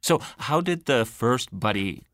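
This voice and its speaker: A man's voice: medium pitch, lively intonation, unhurried, fairly bright tone, dry recording, studio quality. A man interviewing a guest, attentive and encouraging, often murmuring agreement. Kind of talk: conversational interview.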